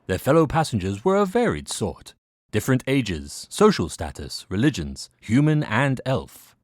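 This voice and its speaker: A man giving scripted narration for a fantasy audio drama, steady and descriptive. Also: medium pitch, moderate pace, dry recording. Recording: narration over music.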